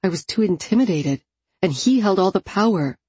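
A woman narrating a first-person audiobook in an intimate, low-key delivery. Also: lively intonation, a little fast, darkish tone, breathy edge, no echo.

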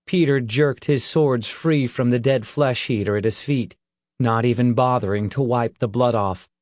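A man reads a story aloud in slow, measured narration. His voice sits at a middle pitch. The sound is dry and close, with no room around it. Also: darkish tone, dry recording. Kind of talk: audiobook narration.

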